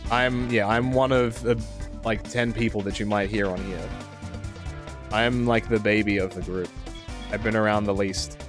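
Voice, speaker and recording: A man's voice: fairly low pitch, fairly even intonation, normal speed, over music. A man with an Australian accent chatting casually on a live game stream, rambling and answering chat as he plays.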